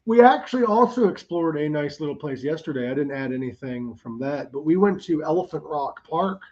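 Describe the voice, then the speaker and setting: A man hosting a podcast in casual chat, laughing loudly and swearing freely. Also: on the high side, lively intonation, a little fast, lo-fi sound. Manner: loud, laughing, swearing banter. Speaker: podcast host.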